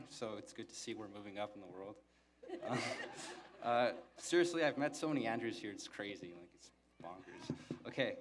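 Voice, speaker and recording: Young guy valedictorian at the podium, flat monotone voice, dry jokes, mid pitch. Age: young adult. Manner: deadpan, self-mocking humor. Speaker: valedictorian giving a graduation speech. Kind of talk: graduation speech. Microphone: podium microphone.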